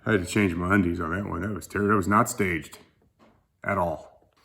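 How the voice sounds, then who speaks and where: A man's voice: deep voice, steady tone, moderate pace, gravelly, a bit bright. Joking young man in a garage. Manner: joking, self-mocking, rambling. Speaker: car-build vlogger. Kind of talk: casual garage vlog. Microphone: phone.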